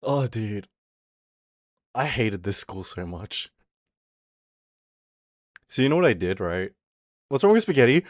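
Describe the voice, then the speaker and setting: A man's voice: on the low side, sing-song, slow pace, long pauses, no echo, clean studio sound. A man streaming, telling a story in a casual, exasperated rant full of swearing and laughter. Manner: profane, exasperated, often laughing.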